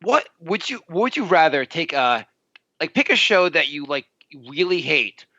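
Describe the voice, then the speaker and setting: Bright-voiced teasing male podcast co-host. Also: a little high, big pitch swings, a little slow, dry recording. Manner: teasing, profane, joking. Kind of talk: casual podcast banter. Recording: dry, slightly dull audio.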